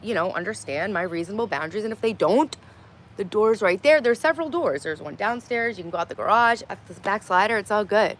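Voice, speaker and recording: A woman's voice: medium pitch, slight background noise. Blunt, chatty woman livestreaming. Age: 30s. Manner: chatty, blunt, swears freely. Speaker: livestream host. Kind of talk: casual livestream chat reading comments. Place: outdoors in her garden.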